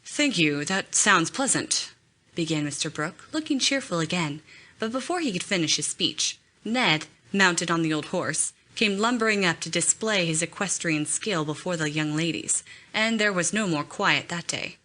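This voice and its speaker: A woman narrating a classic novel as an audiobook, reading in a measured, expressive way. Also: fairly low pitch. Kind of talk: scripted narration.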